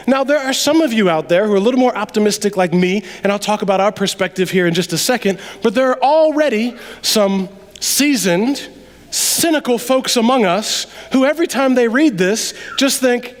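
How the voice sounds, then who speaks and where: A man preaching a sermon, animated and dramatic, dropping to a hush for emphasis and acting out voices. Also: high voice, moderate pace. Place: church sanctuary. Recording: reverberant church hall.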